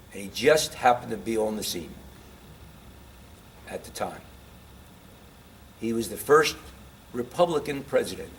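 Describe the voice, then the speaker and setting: A man's voice: medium pitch, slight background noise. A man giving an informal history lecture to a live audience. He keeps quizzing listeners with questions and grows impassioned about his points.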